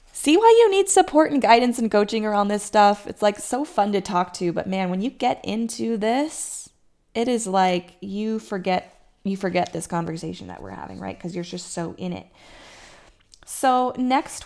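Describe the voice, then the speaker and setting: A woman coach talks straight to her listeners in a relaxed, reassuring podcast monologue. Her mid-pitched voice keeps slipping into a gravelly vocal fry. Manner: warm, reassuring, acts out listeners' anxious inner voices. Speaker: fertility coach.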